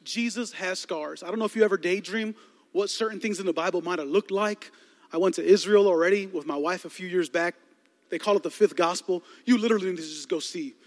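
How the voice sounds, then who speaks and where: High-voiced, lively preacher man in a hall. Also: quick pace. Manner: lively, playful, acts out movie scenes with voices. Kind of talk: animated sermon storytelling.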